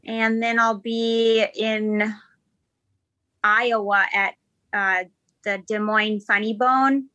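A woman comedian talks as a guest in an easy, chatty way, with quick asides. Her voice sits high and sounds bright. The sound is dry and close. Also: little pitch movement, no room sound, highs cut off. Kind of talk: casual interview chat.

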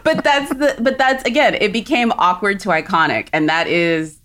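A woman's voice: medium pitch, moderate pace, fairly bright tone, slight background noise. A woman co-hosting a podcast in casual chat, opinionated, playful and frank. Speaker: podcast co-host.

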